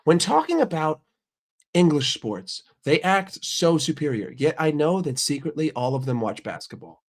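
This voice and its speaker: Young American guy hosting a channel, brash and profane, somewhat high voice. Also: big pitch swings, moderate pace. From United States. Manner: ranting, heavy swearing, brash. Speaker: streamer and channel host. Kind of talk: casual profane rant.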